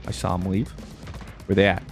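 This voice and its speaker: A man giving casual gameplay commentary as a YouTuber, excitable, yelping and talking to himself as he plays. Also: sits low, a little fast, over music. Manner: excitable, yelps and exclaims, talks to himself. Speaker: gaming YouTuber.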